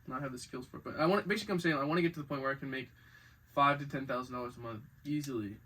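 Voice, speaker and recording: A man's voice: mid-range voice, very fast, pushed and bright, slightly rough, low-quality recording. A young man under twenty talking casually and rambling through a personal monologue, full of filler words. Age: under 20s. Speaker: vlogger.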